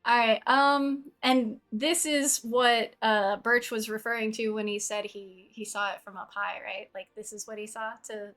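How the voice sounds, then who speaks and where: Female player, giggly and unhurried, fairly high voice, faint music under it. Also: steady tone, fairly bright tone. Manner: giggly, thinking aloud. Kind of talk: playing a tabletop game.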